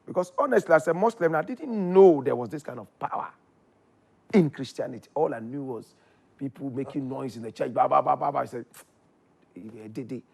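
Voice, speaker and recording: A man with a Ghanaian accent telling his story in casual chat, animated, his voice jumping up when excited. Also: medium pitch, normal speed, creaky, husky. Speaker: guest.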